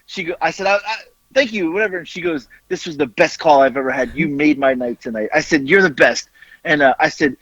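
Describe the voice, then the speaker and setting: A man's voice: fairly high pitch, fairly quick, fairly bright tone, no room sound, muffled recording. A man telling a story in casual chat as podcast co-host, acting out the quoted voices as he goes.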